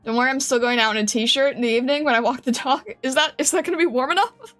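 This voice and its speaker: A woman's voice: high voice, fast talker, fairly bright tone, faint music behind. A woman streamer chatting casually with her viewers, giggling often and rambling with many restarts. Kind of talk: casual live-stream chat.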